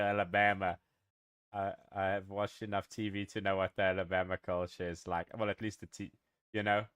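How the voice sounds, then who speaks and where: Low-voiced streamer, rambling. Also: male voice, fairly bright tone, clean tone, no room sound, clean studio sound. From South Africa. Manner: rambling, chatty with viewers, swears and chuckles. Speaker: game streamer. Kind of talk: casual live-stream chat.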